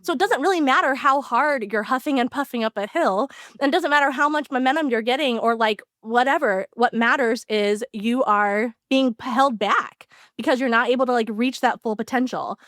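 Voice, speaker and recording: A woman co-hosting a podcast, telling an animated story in casual chat with lots of "like" fillers. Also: fairly high pitch, normal speed, no room sound, studio quality. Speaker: podcast co-host.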